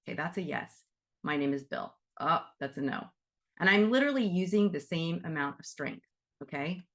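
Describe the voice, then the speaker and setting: A woman with a somewhat low voice leads a casual teaching session on energy work with animals. She talks in a chatty, demonstrative way and laughs easily. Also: lively intonation, moderate pace.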